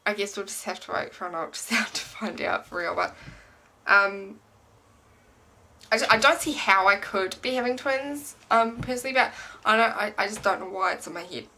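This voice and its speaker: A woman's voice: medium pitch, creaky, bright, forceful tone. A young woman talking casually to camera about her pregnancy, rambling with many "um"s and "like"s. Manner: rambling, many ums and likes. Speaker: pregnancy vlogger. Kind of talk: casual pregnancy update vlog.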